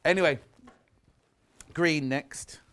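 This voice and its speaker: A middle-aged British man hosts a live shopping channel, his fairly high voice moving slowly with a smooth, fairly bright tone. Between products he reads out viewer messages, chatting and gossiping with plenty of rambling asides.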